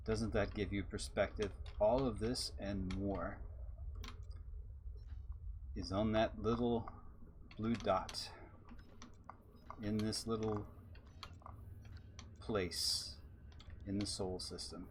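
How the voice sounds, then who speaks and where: A man's voice: fairly low pitch, steady tone, takes it slowly, pauses often, a little mellow, slight background noise. A man from Texas, chatting and musing as he streams a space game live. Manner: musing, chatty, reads out chat. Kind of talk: live gameplay commentary.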